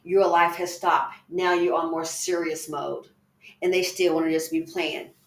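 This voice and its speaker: A woman's voice: on the low side, level tone, measured pace. A woman giving reaction commentary, emphatic and indignant, with rhetorical questions. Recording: echoey room.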